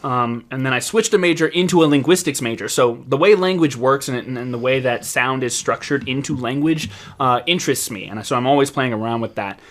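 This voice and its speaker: A man's voice: mid-range voice, a little fast, fairly bright tone. A young man, a voice actor co-hosting a casual podcast, telling stories with frequent ums and restarts. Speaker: voice actor co-host.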